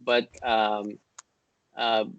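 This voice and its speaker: A man's voice: lowish voice, level tone, very slow, clear, resonant tone, highs cut off. A man teaching an online grammar class, patient and repetitive, with many fillers and restarts.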